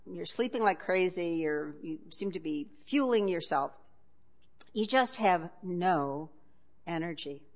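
A woman giving a conversational talk, reading passages from a book and adding wry asides with frequent chuckles. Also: fairly low pitch.

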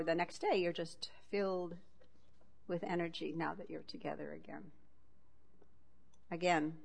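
Lower-voiced woman giving a wry talk. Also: creaky. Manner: wry asides with frequent chuckles. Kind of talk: conversational talk reading from a book.

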